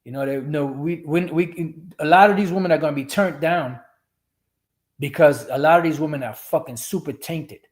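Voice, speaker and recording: A man's voice: a little high, moderate pace. A man ranting religious commentary on a stream, profane, rambling and emphatic.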